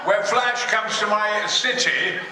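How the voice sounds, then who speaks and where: An older man telling bawdy anecdotes on stage at a fan convention panel, booming, sweary and theatrical. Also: steady tone, slow, heavy background noise. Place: large convention hall. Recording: echoey hall recorded from far off.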